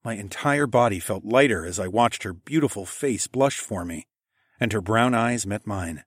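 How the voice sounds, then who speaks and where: Brief: male narrator, lowish voice, soft even storytelling, dry close read. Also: moderate pace, no echo. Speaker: audiobook narrator. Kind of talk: scripted first-person narration.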